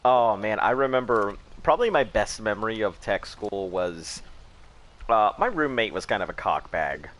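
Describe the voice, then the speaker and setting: A man's voice: on the low side, lively intonation, normal speed, fairly bright tone. A man hosting a game live stream, chatting casually and rambling, laughing at his own jokes. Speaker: gaming live-stream host.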